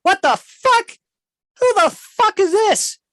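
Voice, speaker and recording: A man's voice: very high voice, big pitch swings, slow, fairly bright tone, no echo, clean studio sound, voice pushed up, full character voice. A man voicing a crude, aggressive, horse-sized male dragon who swears and talks street slang in a tabletop game. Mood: hostile. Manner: snarling, swearing, hostile.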